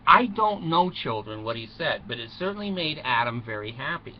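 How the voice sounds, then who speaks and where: A man's voice: medium pitch, very animated, moderate pace. A man tells a mock bedtime story to children in a folksy, rambling manner, with chuckles and asides. His voice swoops up and down a lot. The recording is muffled, with faint noise in the background.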